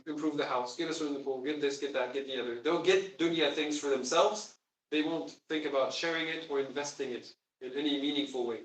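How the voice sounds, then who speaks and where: A man teaching a Quran class, explaining emphatically and quizzing his students. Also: fairly high pitch. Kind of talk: classroom lesson. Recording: echoey room, distant mic.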